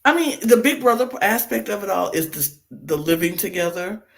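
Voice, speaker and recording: A man with a slightly raised, gravelly voice runs through a reality TV episode with his co-host. He talks in a loose, animated way and keeps jumping into the voices of the people he quotes. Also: normal speed. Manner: animated, acts out quotes with big pitch jumps and laughs. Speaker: podcast co-host. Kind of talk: casual reality TV recap chat.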